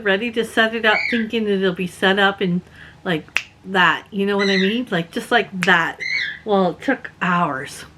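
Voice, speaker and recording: A woman from Canada casually telling personal stories as a vlogger, chatty and quick to laugh. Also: background noise. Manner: chatty, laughs often, acts out quotes in a higher voice. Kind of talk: casual storytelling.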